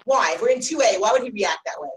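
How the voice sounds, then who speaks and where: A woman teaching a Talmud class, questioning her students in an animated way and correcting herself quickly. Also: mid-range voice. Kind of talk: interactive class discussion. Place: classroom with a live audience. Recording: distant mic in a room, faint noise.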